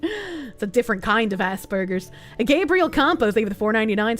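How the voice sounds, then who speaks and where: High-voiced, foul-mouthed streamer woman. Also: brisk. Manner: animated, swears freely, reads chat aloud. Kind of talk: casual livestream chat reading donations. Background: faint music.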